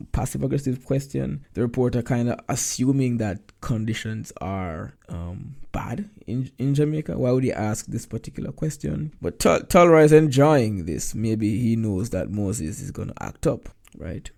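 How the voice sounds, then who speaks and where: A man's voice: mid-range voice, measured pace, vocal fry, mellow. A male teacher walking through exam answers, reading passages aloud and explaining them.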